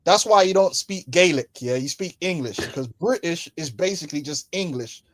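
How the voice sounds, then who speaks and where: Slangy preachy guy riffing and mocking, kinda high voice, dry close sound. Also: animated, normal speed, fairly bright tone, dry recording. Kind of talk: casual religious commentary. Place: London.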